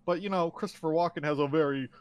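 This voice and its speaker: A man in easygoing movie talk, his voice pitched slightly higher than most. He swears freely and bursts into little acted-out quotes as he tells his stories. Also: fast, clean tone. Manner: profane, animated storytelling with quoted voices. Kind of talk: casual chat about movies.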